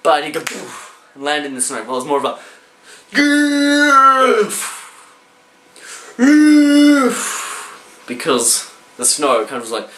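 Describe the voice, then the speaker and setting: A man tells a comic personal story, throwing in sound effects and shouted voices. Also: mid-range voice, fast talker. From Australia. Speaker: storyteller vlogger. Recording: roomy echo.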